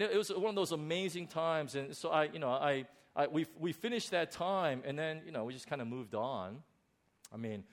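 Middle-aged guy pastor telling a story from the pulpit, animated, keeps restarting. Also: medium pitch. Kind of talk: sermon testimony.

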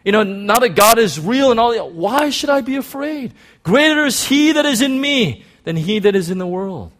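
A man preaching a sermon, telling a personal story in an excited, animated way with many restarts. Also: extremely high pitch, moderate pace.

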